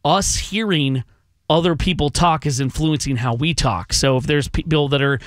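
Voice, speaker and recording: A man's voice: on the high side, normal speed. A man hosting a morning radio show, chatting casually and reading out survey results to his co-hosts.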